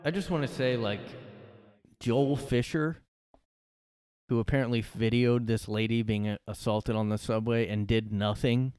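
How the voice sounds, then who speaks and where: A man's voice: medium pitch, steady tone, moderate pace, darkish tone, smooth, dry recording, studio quality. A young man hosting a casual solo podcast from his room, rambling sarcastically and swearing often. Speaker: podcast host.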